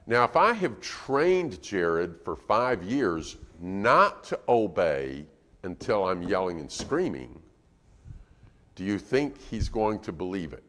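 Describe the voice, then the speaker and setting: A man preaching a sermon in a church, animated and acting out scenes between a parent and child. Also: low voice, slow. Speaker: guest preacher. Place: church auditorium. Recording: long church hall reverb.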